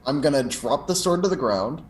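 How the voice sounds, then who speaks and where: A man's voice: mid-range voice, lively intonation, a little fast. A man playing a tabletop game, describing his character's actions step by step in a matter-of-fact way. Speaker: player.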